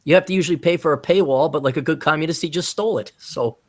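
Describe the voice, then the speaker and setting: A man's voice: a little high, fast. Rambling man hosting a livestream. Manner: rambling, reads chat comments aloud. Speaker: livestream host. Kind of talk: casual livestream chat.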